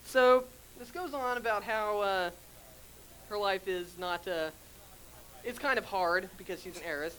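A woman's voice: medium pitch, measured pace, low-quality recording. A woman reading on stage at a comedy event, giggly, with wry asides to the crowd. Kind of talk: comic live reading.

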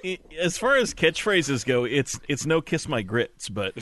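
Deadpan man making joking asides. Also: fairly high pitch, measured pace. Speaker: podcast co-host. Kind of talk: casual comedic chat.

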